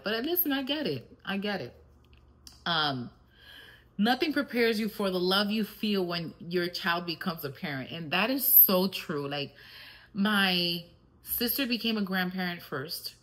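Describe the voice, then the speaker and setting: A woman's voice: lowish voice, expressive, unhurried, a bit bright, low-quality recording. A middle-aged woman hosting a podcast, candidly and reflectively telling personal stories in a casual, filler-filled monologue. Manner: switches briefly into Spanish. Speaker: podcast host.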